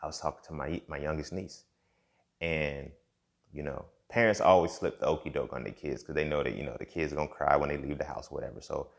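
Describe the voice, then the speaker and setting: This young podcast host has a gravelly bass voice, a steady tone, and a slightly fast pace. He reflects casually out loud, circles back over his points, and keeps saying "you feel me."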